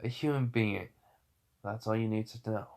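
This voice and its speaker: A man voicing a calm, cold young male swordsman in a low, hushed, flat way while retelling a fan story. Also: moderate pace, close to an everyday voice. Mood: cool.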